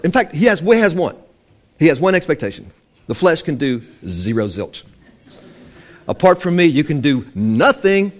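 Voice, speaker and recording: A man delivering a sermon in a fairly high, very lively voice that climbs and drops as he presses his points. He talks emphatically and quotes scripture as he goes, teaching with conviction. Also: moderate pace. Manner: animated, emphatic, quoting scripture with rising and falling voice. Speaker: preacher.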